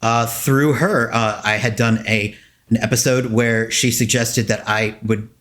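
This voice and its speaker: A man's voice: mid-range voice, steady tone, a little slow, a bit bright. A man co-hosting a podcast, joking around and rambling with restarts. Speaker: podcast co-host. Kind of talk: casual podcast chat.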